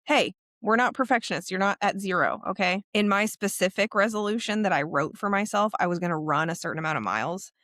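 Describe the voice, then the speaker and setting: A woman's voice: mid-range voice, quick pace, few pauses, a bit bright, dry recording, studio quality. A woman co-hosting a podcast in casual chat, candid and laughing often, swearing freely. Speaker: podcast co-host.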